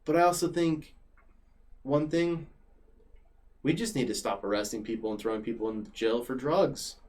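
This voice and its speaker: A man's voice: medium pitch, normal speed. A young man chatting casually as a podcast guest, telling stories with lots of fillers. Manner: animated storyteller, many fillers like "like". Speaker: podcast guest and former regular.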